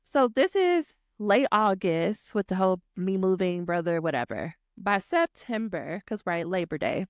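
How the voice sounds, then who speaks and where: A woman, hosting a podcast and telling a personal story in a lively, chatty way, acting out what others said. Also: mid-range voice, unhurried, hardly any pauses, dry recording, studio quality. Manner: animated, talks to listeners as y'all, acts out quotes. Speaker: podcast host. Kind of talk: storytelling monologue.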